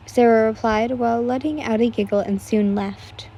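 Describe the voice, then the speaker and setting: A woman's voice: on the high side, steady tone, moderate pace, few pauses, warm tone, a little hiss or hum. A young woman casually reading fan fiction aloud, tired and yawning, breaking off for chatty asides.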